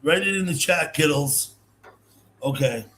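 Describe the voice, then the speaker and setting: A man's voice: a little high, lively intonation, measured pace, fairly bright tone, slight background noise. An older man chatting as a guest on a livestream over a video call, easygoing and storytelling. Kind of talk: casual livestream chat.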